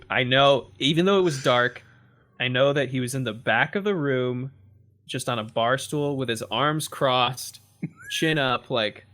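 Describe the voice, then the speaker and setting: A man guesting on a podcast, mid-range in pitch with a bright edge. He talks loosely, rambling through an anecdote with fillers and little laughs. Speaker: podcast guest, comedy writer. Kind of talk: casual storytelling.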